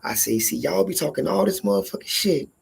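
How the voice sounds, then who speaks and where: A man telling a profane workplace story in casual storytelling style, animated and acting out every line of dialogue. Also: high voice, brisk, creaky, husky.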